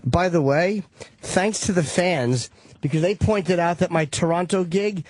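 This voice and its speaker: A man's voice: high voice, a little slow, darkish tone, no echo. A man, a comedian who is a show regular, chatting on radio in a dry, self-deprecating way. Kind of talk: casual radio chat. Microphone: studio microphone.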